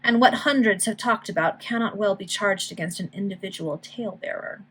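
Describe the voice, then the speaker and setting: A woman reading the part of a polished, courteous Victorian earl with formal, measured speech and a slightly husky voice. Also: medium pitch, a bit bright, low-quality recording. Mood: probing.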